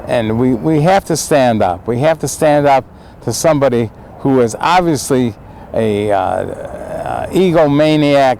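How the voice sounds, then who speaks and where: Recorded on a homemade handheld video camera, the audio is low quality with slight background noise. An older American citizen vlogger speaks with a gravelly, darkish, medium-pitched voice, giving an emphatic, impassioned impromptu political speech on a city street and repeating phrases.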